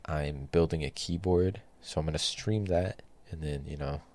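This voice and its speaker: A young man hosting his own podcast, telling a rambling, animated story with swearing and self-mocking asides. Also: very deep voice, moderate pace. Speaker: podcast host. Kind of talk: casual solo podcast storytelling.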